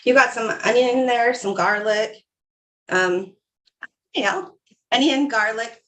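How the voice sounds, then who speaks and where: A woman's voice: on the high side, unhurried, a bit bright. A woman casually chatting about how she cooked a meal, listing ingredients loosely. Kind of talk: casual chat about cooking.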